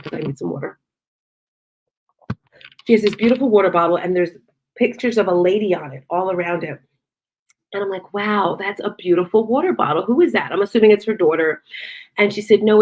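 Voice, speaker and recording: A middle-aged woman giving a casual, earnest motivational talk to viewers, telling a personal story in an upbeat way. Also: medium pitch. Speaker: motivational speaker.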